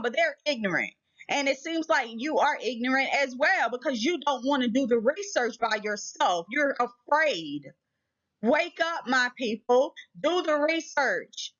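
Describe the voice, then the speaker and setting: Woman from the US, emphatic preachy vlog host, fairly high voice, muffled lo-fi sound. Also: animated, unhurried, fairly bright tone. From United States. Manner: emphatic and preachy, repeats rhetorical questions. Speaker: channel host. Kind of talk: casual spiritual warning vlog. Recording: slightly muffled lo-fi audio.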